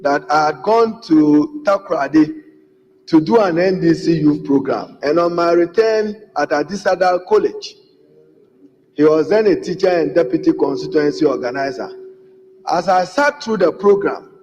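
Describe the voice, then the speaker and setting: Ghanaian male legislator, high voice, emphatic floor speech, muffled audio with long hall reverb. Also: animated, normal speed, darkish tone, a little hiss or hum. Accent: Ghanaian English. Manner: emphatic, repeatedly addressing the Speaker. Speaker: member of parliament. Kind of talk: parliamentary debate speech. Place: parliament chamber.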